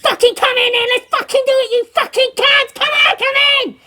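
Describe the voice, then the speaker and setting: A man shouting as an enraged prisoner. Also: very high-pitched, fairly even intonation, fairly quick, voice pushed up, full character voice. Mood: furious. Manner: shouting, swearing. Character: enraged male prisoner screaming abuse.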